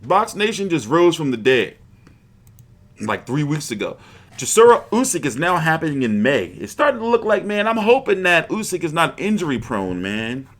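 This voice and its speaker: Man, boxing stream host, casual rambling chat, profane, frustrated, fairly high voice. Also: sing-song, moderate pace, fairly bright tone.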